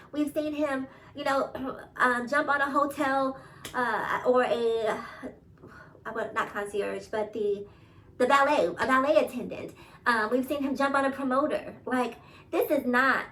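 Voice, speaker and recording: A woman's voice: sits high, fairly bright tone. Emphatic New York woman, slightly distant mic. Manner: emphatic, repeats points, laughs often. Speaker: commentary vlogger. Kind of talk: casual opinion commentary.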